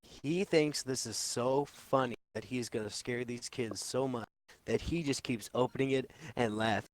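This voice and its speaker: A man's voice: medium pitch, a little slow. A young man co-hosting a casual movie review chat, laid-back, retelling a film scene. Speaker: podcast co-host.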